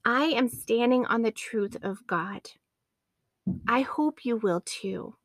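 Woman in her late 30s doing a faith podcast, kinda high voice, earnest, talks to listeners like friends, dry close sound. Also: lively intonation, slow, no echo. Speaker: podcast host.

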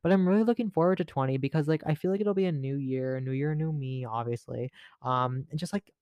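Smooth-voiced teen guy rambling casually. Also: medium pitch, fast talker, darkish tone, no room sound. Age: late teens. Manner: rambling, profane, filler-heavy, giggly. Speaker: podcast host. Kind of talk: casual solo podcast chat.

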